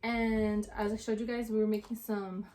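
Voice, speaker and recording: A woman's voice: medium pitch, level tone, moderate pace, heavy background noise. A young adult woman chatting casually as a vlogger, with lots of filler words. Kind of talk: casual chat.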